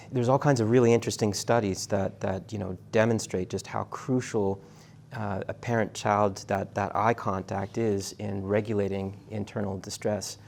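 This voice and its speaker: Gravelly-voiced male lecturer, halting and casual. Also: lowish voice, a little mellow, slight background noise. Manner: halting, many restarts and fillers, conversational. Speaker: university lecturer. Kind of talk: classroom lecture with questions to students.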